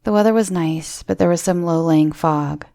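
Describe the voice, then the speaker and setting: A woman's voice: lowish voice, normal speed, vocal fry, warm tone, dry recording, studio quality. A woman host reading listeners' true horror stories aloud, with wry, swearing asides. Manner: wry, swearing asides between story lines. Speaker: horror story narrator.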